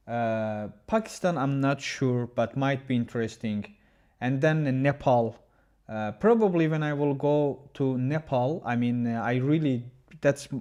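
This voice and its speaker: A man's voice: medium pitch, a little mellow. Chatty male chess streamer. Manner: chatty, reads viewer messages aloud and answers them; halting, often restarts his sentences. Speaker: chess streamer commenting a game. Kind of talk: casual livestream chess commentary.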